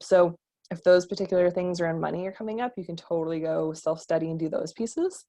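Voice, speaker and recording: A woman's voice: lowish voice, quick pace, warm tone. A young adult woman business coach teaching a casual online lesson, chatty and filler-heavy, swearing casually.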